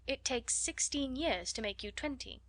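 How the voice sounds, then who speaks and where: A woman voicing a calm, thoughtful young girl who speaks quietly and politely in an audiobook. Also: sits high, moderate pace, voice pushed up. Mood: gentle.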